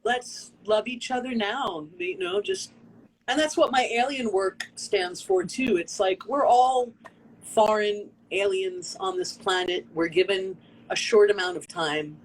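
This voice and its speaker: An American woman, a performance artist, telling a personal story on a video call interview in an expressive, earnest way, acting out the people she quotes. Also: mid-range voice, measured pace, slight background noise, low-quality recording. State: tearful.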